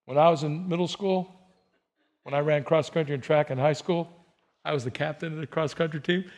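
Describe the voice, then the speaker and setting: A middle-aged male pastor with a high-pitched voice delivers a sermon built on personal stories. He talks conversationally, with loud, emphatic bursts that drop into soft, hushed asides. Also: steady tone, normal speed, pauses often.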